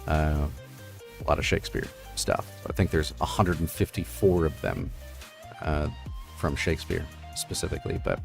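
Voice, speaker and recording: A man's voice: very deep voice, steady tone, moderate pace, vocal fry, faint music behind. A man hosting a live stream, explaining poetry forms in a casual, rambling way full of fillers. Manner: rambling with many fillers and "right?". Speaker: streamer host.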